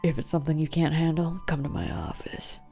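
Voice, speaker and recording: A calm, kindly senior lawyer speaks in a lowered, hushed voice, as a woman puts him on. He sounds measured and unhurried, quiet and a little subdued. It is game dialogue read aloud over faint music. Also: vocal fry.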